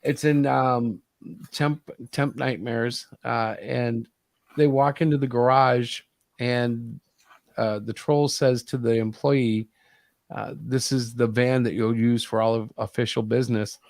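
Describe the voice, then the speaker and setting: A man's voice: mid-range voice, steady tone, slow pace, vocal fry, a little mellow, no echo. A man hosting a casual chat, telling rambling jokes and stories about his work. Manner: joking, rambling storyteller. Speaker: comic creator and show host.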